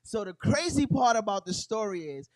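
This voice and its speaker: A man's voice: high-pitched, sing-song, normal speed. A man co-hosting a podcast, animatedly telling a story, laughing often and mimicking the people in it. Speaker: podcast co-host. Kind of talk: casual chat.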